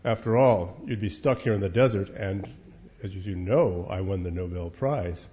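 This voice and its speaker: A man's voice: low voice, moderate pace, warm tone, voice pushed down, close to an everyday voice. A self-important older male scientist speaks curtly and pompously, as a man puts him on. His voice sits a little below the storyteller's own, and the recording is dull and lo-fi. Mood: irritated. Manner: pompous, curt.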